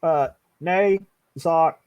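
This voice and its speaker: A man's voice: fairly high pitch, extremely slow, darkish tone, no echo, muffled recording. A man running a live tabletop game as game master, talking casually with frequent restarts and the odd swear.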